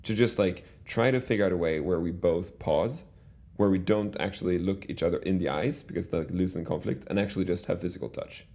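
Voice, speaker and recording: A man's voice: low voice, a little fast, warm tone. A middle-aged man telling stories as an interview guest, rambling with many restarts and fillers. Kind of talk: casual conversational storytelling.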